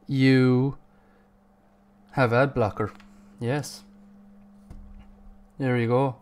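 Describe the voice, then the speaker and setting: A man's voice: medium pitch, fairly even intonation, slow, pauses often, a little mellow. A man streaming a video game live, chatty and self-mocking, and swearing at the game now and then. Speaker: gaming streamer. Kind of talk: live gameplay commentary.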